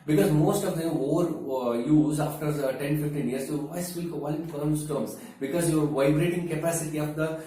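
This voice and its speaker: A man explains health habits slowly and with many fillers, his voice somewhat high and mellow. He sounds a little far from the mic. The room rings with heavy echo. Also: steady tone. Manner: slow, deliberate, explains with everyday comparisons, frequent fillers. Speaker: wellness expert. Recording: very echoey room, distant mic.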